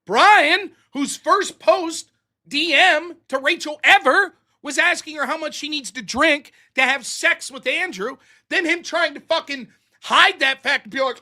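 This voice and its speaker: A man's voice: extremely high pitch, measured pace, pushed and bright. A man hosting a live stream, ranting in a heated, profane, sarcastic way and mocking others in put-on voices. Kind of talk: ranting commentary.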